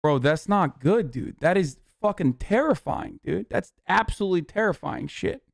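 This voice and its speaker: A man reacting to a video on a live stream, casual, profane and excitable. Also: high voice, normal speed, gravelly, dry recording, studio quality.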